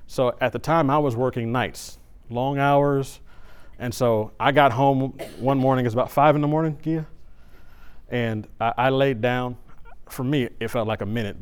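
A middle-aged man preaching at a church service, telling a personal story in a conversational, animated way with frequent restarts. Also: mid-range voice, clean tone.

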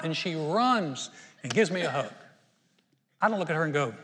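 A man's voice: a little high, expressive, normal speed, a bit bright, big-room sound. An older man preaching a sermon to a congregation, earnest and conversational, often restarting his words. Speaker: pastor. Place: auditorium.

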